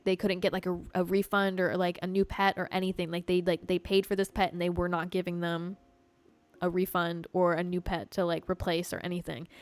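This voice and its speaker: Animated swearing woman podcast host. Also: lowish voice, no echo. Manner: animated, swears often, heavy "like" filler. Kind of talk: casual storytelling chat.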